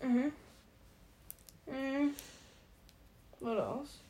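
An eighteen-year-old woman in a casual chat with a friend. Her voice sits a little high, and her talk is slangy and loose. She laughs easily and sometimes runs her words together. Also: lively intonation, very slow, warm tone, slight background noise. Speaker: podcast co-host.

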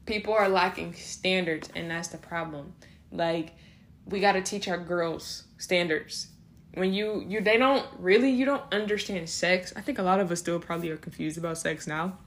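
A young adult woman hosting a casual faith-based podcast, talking in an animated way, often laughing between phrases and slipping into acted voices. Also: fairly low pitch, moderate pace. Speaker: podcast host.

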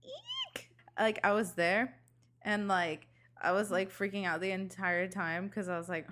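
Excitable young woman podcast host. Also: medium pitch, moderate pace, slight background noise. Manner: excited, swears freely, storytelling. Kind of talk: casual chat.

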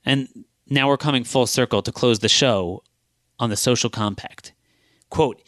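A man's voice: medium pitch, unhurried, a bit bright, no echo. Emphatic man making a podcast argument, dry sound. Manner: emphatic, argumentative, reads out legal quotes. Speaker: podcast host. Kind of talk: solo podcast commentary.

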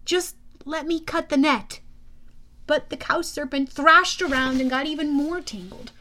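A woman reading a first-person audiobook in a lively, expressive way with youthful energy. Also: high-pitched. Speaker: audiobook narrator.

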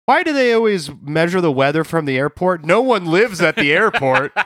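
A man's voice: fairly high pitch, big pitch swings, normal speed, fairly bright tone, no room sound. A man co-hosting a comedy podcast, riffing in a dry, rambling way with absurd tangents. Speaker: podcast co-host. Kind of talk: casual comedic chat. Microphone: studio podcast mic.

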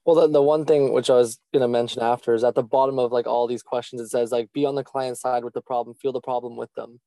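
A young man in sales training answers his coach. He talks quickly and hesitantly, with many fillers. His voice is mellow and the recording is dry. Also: mid-range voice, flat delivery, no room sound.

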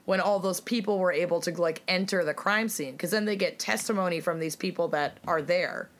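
A woman's voice: on the low side, fairly quick. Swearing woman telling a true crime case. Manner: storyteller reading quotes aloud, swearing, dry asides. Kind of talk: casual chat.

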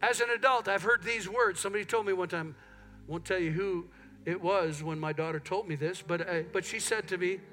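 A man's voice: high voice, fairly quick, faint music behind. A middle-aged man preaching a sermon in a church, telling stories and acting out what people say. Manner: animated storytelling, acts out quotes. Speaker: pastor. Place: church sanctuary.

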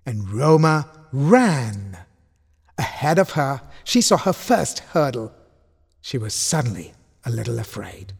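A man reading a children's story aloud in slow, animated storytelling narration. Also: medium pitch, creaky, husky. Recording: long hall reverb.

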